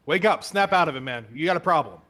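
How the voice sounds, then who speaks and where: A man's voice: medium pitch, animated, a little slow, slightly rough. A man voicing a stern male inspector who scolds a guard captain with rhetorical questions during a tabletop role-play. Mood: scolding. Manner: barking, indignant, rhetorical questions.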